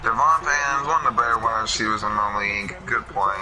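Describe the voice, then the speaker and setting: A man casually commentating a football video game with a friend, chatty and quick to laugh at his own slips. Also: on the low side, bright, forceful tone, slight background noise, rough recording.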